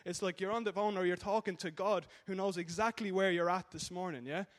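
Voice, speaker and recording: Fast-talking Irish preacher, high-voiced man. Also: fairly even intonation. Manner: jokey storytelling with frequent "okay?" tags. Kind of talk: sermon. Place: church hall. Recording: echoey hall.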